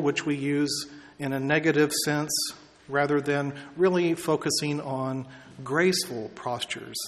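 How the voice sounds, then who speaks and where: Pastor preaching in a reverberant hall. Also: male voice, fairly high pitch, a bit bright. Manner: measured preaching with drawn-out emphasis on key words. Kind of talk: sermon. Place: church sanctuary. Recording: long reverb of a large hall.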